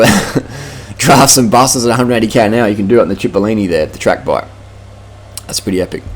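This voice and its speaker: A man with an Australian accent ranting bluntly as a cycling vlogger, brash and swearing freely. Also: lowish voice. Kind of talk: casual profane rant.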